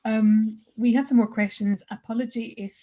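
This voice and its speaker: A woman's voice: fairly high pitch, fairly even intonation, normal speed, mellow, dull audio. A woman moderating an online conference Q and A over a video call, upbeat and encouraging. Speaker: session moderator. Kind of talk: hosting a Q and A.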